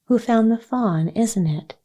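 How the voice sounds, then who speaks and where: A friendly hired man speaks kindly to a crying little girl, as a woman reading a bedtime story voices him. The voice is soft and mellow, and the lines come slowly. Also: a little high, voice pushed up.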